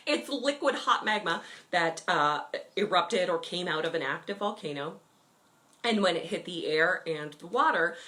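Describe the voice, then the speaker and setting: A woman's voice: deep voice, a bit bright. A woman hosting a witchcraft livestream, chatting enthusiastically about crystals with plenty of fillers. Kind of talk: casual livestream talk.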